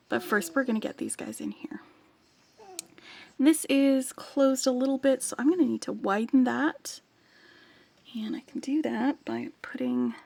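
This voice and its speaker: A woman with a higher voice and some gravelly fry talks slowly through a beading project in a relaxed vlog. She often drops to a hushed whisper as she works with her pliers. Her tone stays casual and unhurried. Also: a little hiss or hum. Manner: soft-spoken, often drops to a whisper while working; sings playfully to her dog. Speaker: jewelry-making vlogger. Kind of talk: casual crafting talk while working.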